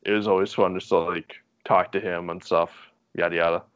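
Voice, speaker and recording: Podcast guest, young man, deep voice, easygoing rambling storyteller, dry muffled recording. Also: a little fast, smooth, dry recording. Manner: relaxed, rambling, laughs often. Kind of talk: casual storytelling chat.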